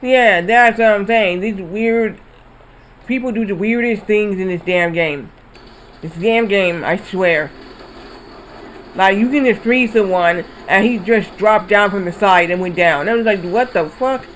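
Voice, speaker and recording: High-voiced rambling male streamer. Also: unhurried, a little hiss or hum, rough recording. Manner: rambling, animated retelling with swearing. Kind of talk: casual storytelling while gaming.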